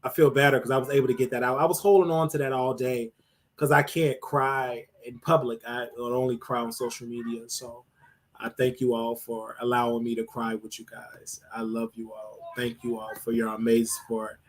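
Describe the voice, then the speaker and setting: A man hosting a livestream, emotional after crying, repeating his thanks to viewers over and over. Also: flat delivery. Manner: jumps to high drawn-out greetings when welcoming viewers. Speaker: livestream host. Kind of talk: emotional live stream chat with viewers.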